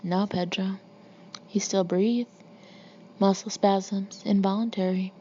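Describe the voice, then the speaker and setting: A woman reading the part of a loud, boastful Marine colonel who mocks everyone around him. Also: mid-range voice, fairly even intonation, takes it slowly, muffled recording, a little hiss or hum, lightly acted. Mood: mocking. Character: brash hulking male Marine colonel, swaggering.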